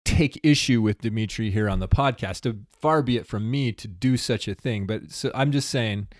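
A man's voice: on the low side, normal speed, dry recording, clean studio sound. A man hosting a podcast, talking casually and rambling a little, often stopping to correct himself. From United States. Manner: rambling, self-correcting, animated aside. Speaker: podcast host. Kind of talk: casual chat.

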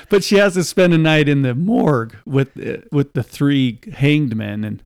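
Man, podcast host, casual animated chat, gravelly voice, dry close sound. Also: mid-range voice, normal speed, few pauses, dry recording. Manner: animated, retells film scenes with laughter.

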